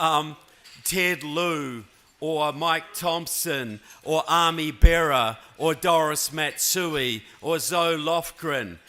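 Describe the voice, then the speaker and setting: A man's voice: on the high side, bright, forceful tone. A man in his fifties from New Zealand with a New Zealand accent, giving a keynote speech at a political convention and often checking in with the crowd. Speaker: keynote speaker. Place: large conference hall. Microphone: handheld or podium mic.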